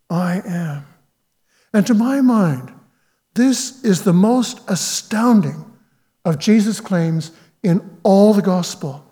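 A man preaching slowly and deliberately, his voice sitting high and mellow. He works reflectively through scripture, and the sound rings with the long reverb of a large hall. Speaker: pastor. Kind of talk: sermon.

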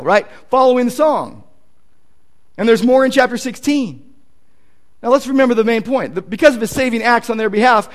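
A male pastor preaching a sermon in a conversational, emphatic way, with casual asides to the congregation. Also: extremely high pitch.

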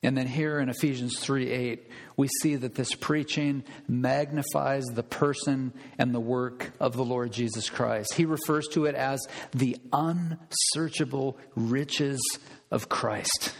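A man's voice: mid-range voice, steady tone, measured pace, gravelly. Emphatic preacher, man, reverberant sanctuary. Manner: emphatic, repeats key phrases for stress. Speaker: pastor. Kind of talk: sermon.

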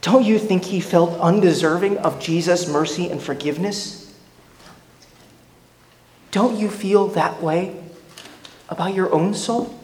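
A man's voice: sits high, measured pace, long pauses, darkish tone, a little hiss or hum. A man preaching a sermon as pastor, earnest and questioning, often restarting his words. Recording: echoey hall reverb.

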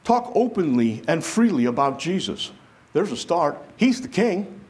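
A man preaching a sermon to a congregation, lively and conversational, acting out the voices of people he quotes. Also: fairly high pitch, a little slow. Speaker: pastor.

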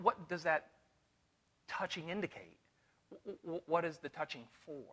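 A man preaching an expository Bible lesson to a room of listeners, animated and full of rhetorical questions. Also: on the high side. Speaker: Bible teacher. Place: room with a live audience.

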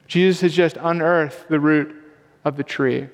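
A man's voice: a little high, fairly even intonation, measured pace. A young man preaching a sermon as a pastor, casual and conversational with self-deprecating humor. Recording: long hall reverb.

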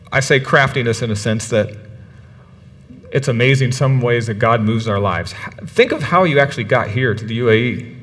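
A male pastor preaching a sermon, lively and casual, reading scripture and acting out the characters' words. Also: medium pitch. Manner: animated, acts out biblical characters' words. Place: church in the UAE. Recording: church hall with long reverb.

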